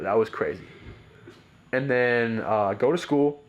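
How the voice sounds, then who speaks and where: A man talks through a personal story on a podcast in a loose, rambling way, leaning on "like" and "bro" and restarting his sentences. His voice sits at an ordinary middle pitch. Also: a little slow, phone-quality sound, a little hiss or hum. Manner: rambling, heavy use of "like" and "bro", frequent restarts. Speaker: podcast guest.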